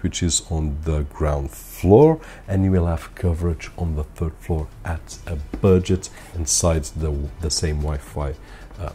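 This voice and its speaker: Male tech reviewer; deep, dark voice; relaxed, explanatory delivery with recurring stock phrases. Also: a little hiss or hum. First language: Portuguese. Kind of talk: casual product review to camera. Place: home.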